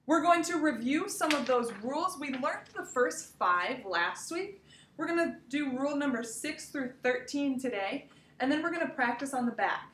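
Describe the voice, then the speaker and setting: Bright, upbeat woman teaching young kids. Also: high-pitched, animated, moderate pace, far from the mic, slight background noise. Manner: upbeat, encouraging, addresses children directly. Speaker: elementary school teacher. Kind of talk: recorded remote grammar lesson. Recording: echoey room, voice from off mic.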